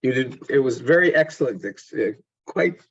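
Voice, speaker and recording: Brisk moderator man, dull dry sound. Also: mid-range voice, lively intonation, slightly rough, no room sound. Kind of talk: hosting Q&A.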